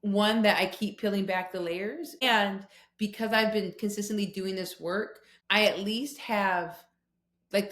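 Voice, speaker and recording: A woman guest on a podcast, telling personal stories about conflict in a lively conversational way, acting out quoted voices. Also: medium pitch, roomy sound. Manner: animated storytelling with quoted voices.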